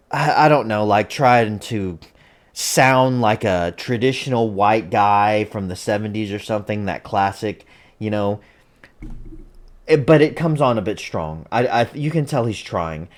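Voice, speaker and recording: A man giving casual spoken commentary on a movie trailer, rambling and hedging with many fillers and restarts, his voice rising higher and louder when he makes a point. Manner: rises in pitch and loudness when emphatic.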